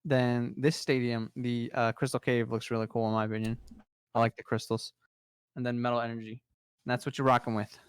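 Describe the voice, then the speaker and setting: A young man co-hosting a casual podcast chat, rattling off trading cards with easy enthusiasm. His voice is smooth and clear, recorded close and dry with no room sound. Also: mid-range voice, flat delivery, a little fast, no echo. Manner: enthusiastic, rattles off card lists. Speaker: podcast co-host presenting trading card news.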